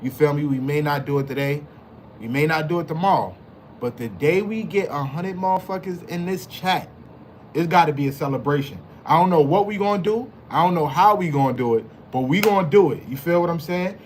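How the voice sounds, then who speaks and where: Hyped high-voiced man greeting his stream chat. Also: a little fast, a little hiss or hum. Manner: slangy, repeats phrases often. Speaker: livestream host. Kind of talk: casual live-stream chat.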